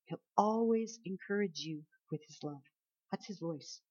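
A woman preaching a sermon, dropping to soft, low lines and then rising into loud, drawn-out emphasis. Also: husky, muffled recording.

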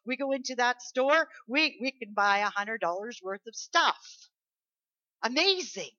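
Bright-voiced woman preaching a sermon. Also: a little high, lively intonation, measured pace, no room sound. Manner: emphatic, conversational preaching with rhetorical questions. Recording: dull lo-fi recording.

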